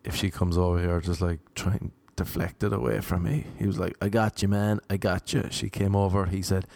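A man's voice: deep voice, fairly even intonation, brisk, creaky, hardly any pauses, darkish tone, no echo. A young Irish man telling a rambling, self-mocking anecdote in casual chat, slipping into voices for the people he quotes. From Ireland. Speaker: storyteller.

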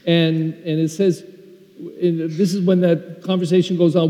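An older man, a parish priest, telling a story in an earnest Sunday sermon that swings between loud and soft. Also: a little high, fairly even intonation, a little slow. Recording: lo-fi recording in a reverberant church.

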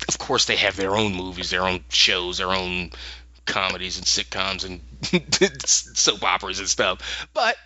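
A man from the US co-hosting a podcast in casual chat, animated, laughing often and restarting sentences as he thinks. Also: sits low, a little slow, highs cut off. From Philadelphia, USA. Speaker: podcast co-host.

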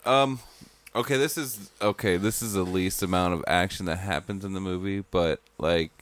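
A man's voice: sits low, normal speed, fairly bright tone. A man who works as a camera operator, chatting casually and enthusiastically about a film. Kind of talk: casual chat, film review.

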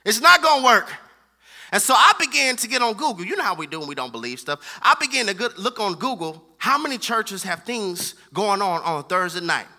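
A young man preaching in a high, piercingly bright voice. His sermon builds through rhythmic, repeated lines, and he often speaks God's words in his own voice. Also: sing-song, fairly quick, few pauses. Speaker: pastor.

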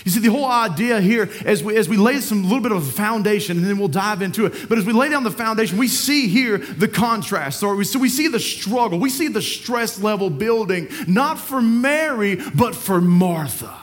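High-voiced conversational preacher man. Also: lively intonation, moderate pace, few pauses. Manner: conversational, repeats words, asks "right?" often. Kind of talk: sermon. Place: church.

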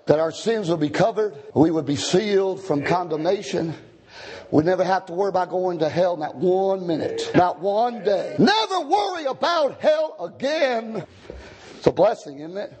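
A man preaching a fiery sermon in a church, swinging from quiet, folksy talk to shouted, pleading cries. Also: high voice, normal speed, slightly rough.

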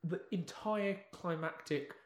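A man chatting casually as a podcast guest, animated and wry, building his points with emphasis. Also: high voice, takes it slowly. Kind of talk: casual chat. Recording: echoey room.

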